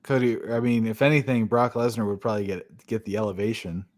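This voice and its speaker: A man's voice: on the low side, quick pace. Blunt, swearing podcast co-host guy. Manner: blunt and profane, laughing often. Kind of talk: casual chat.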